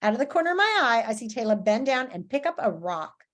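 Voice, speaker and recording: A woman reading a children's book aloud in an expressive, animated storytelling manner. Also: a little high, fast. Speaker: story reader.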